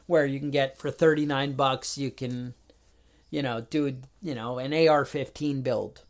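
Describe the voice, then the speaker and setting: A man's voice: medium pitch, fairly even intonation, unhurried. A man co-hosting a podcast in casual chat, telling a long story with exasperated asides and acted-out phone calls. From New York. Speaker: podcast co-host.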